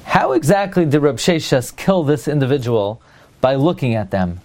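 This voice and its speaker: A man teaching a Torah class. He asks rhetorical questions and pauses with fillers while he looks for the next word. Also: medium pitch, a little mellow.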